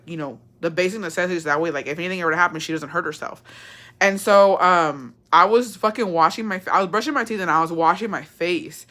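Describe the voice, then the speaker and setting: A young woman telling her viewers a story in a casual, animated way, swearing a lot and slipping between English and Spanish. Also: fairly low pitch.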